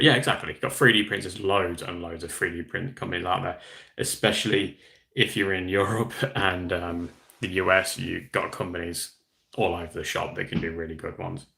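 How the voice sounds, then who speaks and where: Male streamer, casual and self-deprecating, deep voice with noticeable vocal fry. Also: a bit bright. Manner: rambling, chatty, self-deprecating. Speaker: livestream host. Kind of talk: casual live-stream chat, reading viewer comments.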